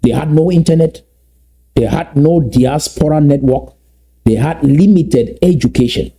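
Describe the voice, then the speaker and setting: A man from Southern Cameroons, giving an emphatic motivational address that repeats and slowly stresses key phrases. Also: fairly high pitch, mellow. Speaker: activist speaker.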